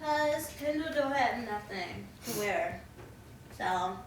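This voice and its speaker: An American woman mentee chatting casually in a relaxed, upbeat way. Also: mid-range voice, takes it slowly, a crowd in the background. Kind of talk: casual documentary chat. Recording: echoey room from far off.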